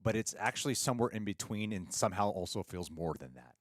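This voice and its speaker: A man co-hosting a casual movie chat, excitable and fond of acting out quotes in playful voices. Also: lowish voice, quick pace, slight background noise. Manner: excitable, slips into playful voices when quoting. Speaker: co-host.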